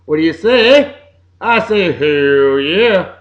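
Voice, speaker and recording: A man with a Boston accent, somewhat high for a man, hosts a casual home-made show with jokey, upbeat, sing-song greetings. His pitch swings widely. The recording sounds dull and lo-fi. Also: lively intonation, takes it slowly. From Massachusetts. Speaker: podcast host. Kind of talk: casual birthday shout-outs.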